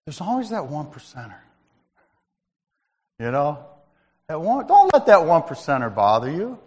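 A man's voice: fairly high pitch, wildly swooping pitch, moderate pace, a little mellow, long reverb tail. A man giving a testimony at church in a conversational, storytelling way, calling out to listeners by name. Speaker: lay speaker at church. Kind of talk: sermon-style testimony.

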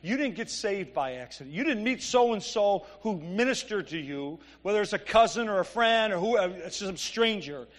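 High-voiced preacher in a reverberant hall. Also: male voice, expressive, moderate pace, hardly any pauses. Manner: preaching with swings from loud emphatic peaks to quiet asides; reads scripture then explains it conversationally. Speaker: pastor. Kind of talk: sermon.

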